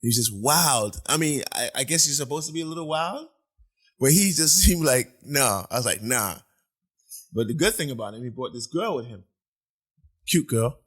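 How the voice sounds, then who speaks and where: A man's voice: mid-range voice, animated, normal speed, a bit bright, breathy edge. A man, a musician guest, telling stories in casual chat in an apartment, acting out quoted voices and laughing often.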